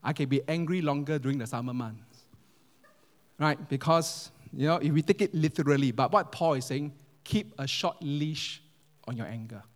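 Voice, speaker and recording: A man preaches with a slightly high voice, mixing humorous stories with questions to the congregation. His sermon carries through a church hall with a long echo. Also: moderate pace. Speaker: pastor. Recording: echoey hall.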